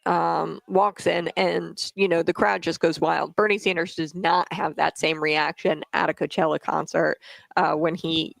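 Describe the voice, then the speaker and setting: Female talk-stream host, casual and chatty, some vocal fry, dry close sound. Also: low voice, flat delivery, no echo, low-quality recording. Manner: chatty, quick asides, frequent fillers and laughs. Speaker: political talk show host. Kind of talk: casual livestream commentary.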